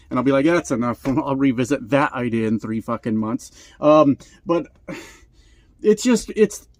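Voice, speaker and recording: A man's voice: fairly high pitch, no room sound. A man and truck driver vlogging, ranting in a profane, sarcastic, rambling comedic way, a little short of breath. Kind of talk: comedic rant to camera.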